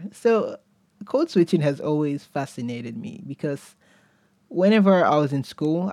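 A man's voice: on the high side, darkish tone, no room sound. A man hosting a solo podcast, musing casually, often chuckling and trailing off before picking his thought back up. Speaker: podcast host.

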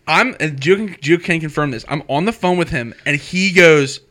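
A young man telling a story in casual chat, animated and full of swearing. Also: fairly high pitch, normal speed.

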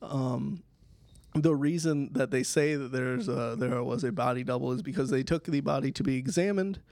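A man co-hosting a podcast, chatting casually and filling pauses with many ums and uhs. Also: mid-range voice, gravelly, a little mellow, no echo. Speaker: podcast co-host. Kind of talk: casual chat.

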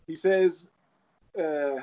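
A man's voice: on the high side, steady tone, very slow, mellow. A man in casual chat, retelling an essay and reading quoted passages aloud. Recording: dull lo-fi recording.

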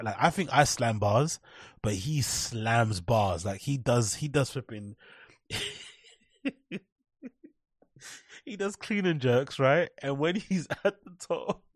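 A man's voice: on the low side, slightly rough, no echo. Blunt sweary man. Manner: blunt, sweary, sarcastic ranting. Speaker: podcast host. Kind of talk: casual rambling monologue.

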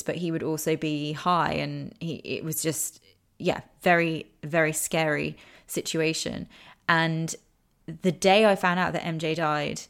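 A young woman with a low voice tells her own story straight to the camera. She speaks candidly and emotionally, swearing freely as she goes. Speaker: recovery storyteller. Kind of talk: personal storytelling.

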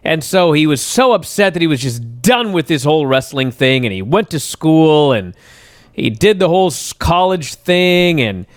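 A male radio host with a fairly high voice that swings up and down all over the place. He recaps at length like an eager storyteller, and his voice sits dry and close to the mic. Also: expressive, moderate pace, no echo. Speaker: wrestling radio show host. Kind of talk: casual podcast talk.

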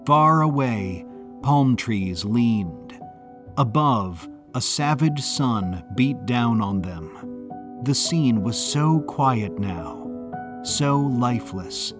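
A man reads a novel aloud in a measured, even way, taking his time. His voice sits in a plain middle range. Music plays behind him. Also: mid-range voice. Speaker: narrator. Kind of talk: audiobook narration.

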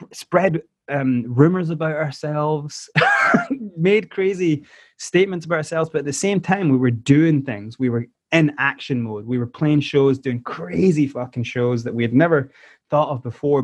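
A Scottish-accented man talks through a casual interview, lively and quick to slip into the voices of people in his stories. His voice sits at an ordinary middle pitch, and the sound is dry and close with no room echo. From South Africa. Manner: animated storyteller who acts out quoted voices. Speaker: musician guest.

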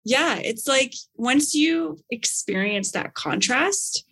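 Brief: woman, casual storyteller, husky, excitable, gushes and acts out quotes. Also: high-pitched, slow pace. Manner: bubbly, gushing, acts out quotes with big excited outbursts.

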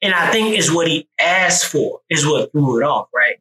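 A man from the American South talking casually on a podcast, telling stories in an animated way with frequent restarts and some swearing. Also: fairly high pitch, moderate pace, rough recording. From US South, Georgia. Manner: animated storytelling with repeated restarts; profane, conversational.

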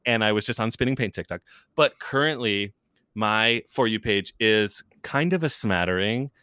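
A man's voice: on the low side, normal speed, smooth, dry recording, clean studio sound. A young man from New York, a comedic video creator, chatting as a guest in an interview, full of fillers and laughter. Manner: chatty and animated, many "like" fillers and restarts, laughs often. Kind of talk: casual interview chat.

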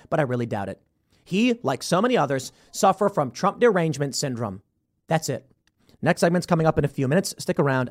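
A man hosting a political commentary show, talking in an animated, sarcastic, combative way. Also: fairly high pitch. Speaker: host.

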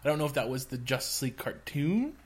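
A man's voice: medium pitch, big pitch swings, quick pace, slightly rough. Hesitant man recalling a story. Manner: hesitant, searching for memories, laughs between phrases. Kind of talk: casual chat.

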